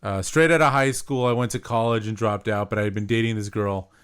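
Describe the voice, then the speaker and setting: A young man co-hosting a podcast, telling a story in a relaxed, rambling way with lots of filler words. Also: lowish voice, fairly quick, smooth. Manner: laid-back, rambling, with lots of "like". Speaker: podcast co-host. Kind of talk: casual storytelling.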